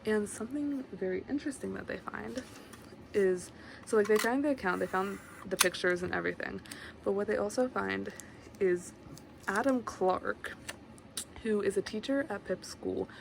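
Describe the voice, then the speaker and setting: A young woman talks through a book's plot in a loose, chatty ramble, full of fillers and quick asides. Her voice has a gravelly fry to it. A fan hums clearly in the room behind her. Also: mid-range voice. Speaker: book vlogger. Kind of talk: casual book summary to camera. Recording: noisy room with a fan running.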